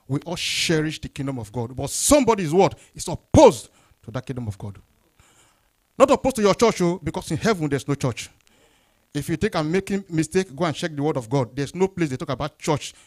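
A pastor delivers a Sunday sermon, tossing out questions and answering them himself. His higher-pitched voice rises loud and then drops low and soft, with a very lively, animated swing. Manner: call-and-response questions, rising then dropping low.

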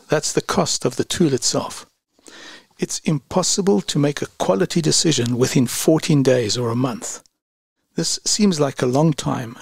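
Gravelly-voiced man reading a dry review. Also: fairly high pitch, dry recording. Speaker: online business reviewer. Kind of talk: scripted voice-over review.

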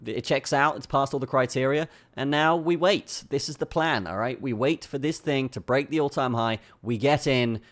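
A man's voice: medium pitch, moderate pace, hardly any pauses. A tired man hosting a casual crypto chart walkthrough, ending his points with "okay?" and "all right?" and repeating his own phrases. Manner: keeps tagging lines with "okay?" and "all right?". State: tired from a long day. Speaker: crypto trading channel host. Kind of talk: casual screen-recorded chart analysis.

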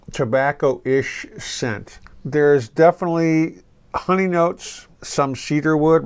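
A middle-aged man giving a casual, rambling fragrance review to camera, relaxed and full of restarts. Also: medium pitch, clear, resonant tone.

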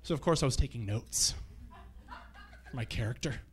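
A man's voice: mid-range voice, moderate pace, background noise. A man doing stand-up comedy on a theatre stage, telling loose, profane stories to a live audience. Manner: loose, profane anecdotal storytelling. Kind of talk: stand-up set.

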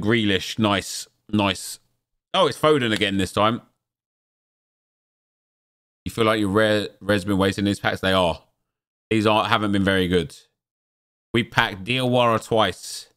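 A man with a fairly low voice hosts a gaming channel, chatting casually and bursting into excited exclamations while commenting on game packs he opens.

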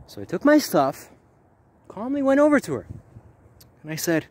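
A man talking to camera in a preachy spiritual monologue, animated and repetitive, with swearing. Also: high voice, normal speed, long pauses, dry recording. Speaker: vlogger.

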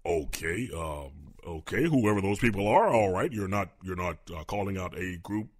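A man's voice: low voice, expressive, normal speed. A man hosting a comic radio call-in show, talking patiently and hesitantly with many ums and uhs.

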